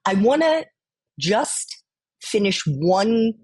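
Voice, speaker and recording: Slow-speaking husky woman host. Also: medium pitch, sing-song, darkish tone. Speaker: interview host. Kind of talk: interview.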